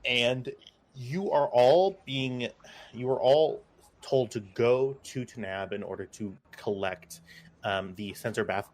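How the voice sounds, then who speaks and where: A man's voice: mid-range voice, takes it slowly, a little mellow. A man acting as game master for a sci-fi tabletop game with friends, setting the scene in a loose, joking way that trails off into asides.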